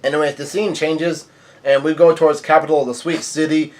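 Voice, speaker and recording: Man, comic reviewer, casual recap, rambling, fillers, slightly high pitch. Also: little pitch movement, fairly quick. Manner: rambling, many fillers and restarts. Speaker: manga reviewer.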